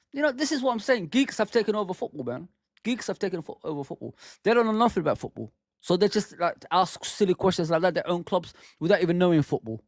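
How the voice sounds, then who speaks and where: A man's voice: sits high, very animated, fast, dry recording, clean studio sound. A man hosting a football fan channel, ranting with heated, exasperated commentary and some swearing.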